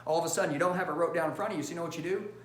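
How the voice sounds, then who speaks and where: Male sales coach, high voice, emphatic and punchy, recorded in an echoey room. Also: fairly even intonation. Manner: emphatic, punchy, keeps checking in with the audience; acts out phone calls in quick bursts. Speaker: sales trainer. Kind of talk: high-energy sales training talk. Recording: roomy echo with faint hum.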